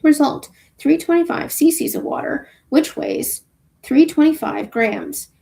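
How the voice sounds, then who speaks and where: A woman's voice: high voice, expressive, unhurried, vocal fry, dark tone. A woman reading a novel aloud for a book club, casual, with offhand asides about her own reading.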